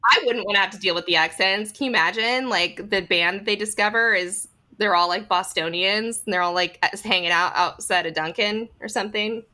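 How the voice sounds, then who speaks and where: A woman co-hosting a podcast, chatting casually with giggly, animated reactions. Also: medium pitch, brisk, few pauses. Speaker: podcast co-host. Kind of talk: casual chat.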